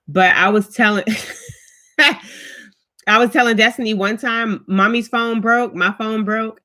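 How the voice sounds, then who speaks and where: A woman's voice: mid-range voice, sharp tone. A woman, telling stories as she chats casually with viewers on a home live stream. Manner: chatty storytelling, greets commenters by name. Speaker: vlogger doing a live stream. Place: at home, indoors.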